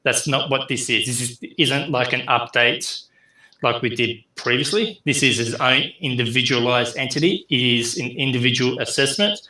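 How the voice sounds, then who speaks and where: Through a rough, roomy recording comes a middle-aged man's sharp, medium-pitched voice. He's a university lecturer running an online class, chatting with lots of fillers and shifting between faster and slower speech.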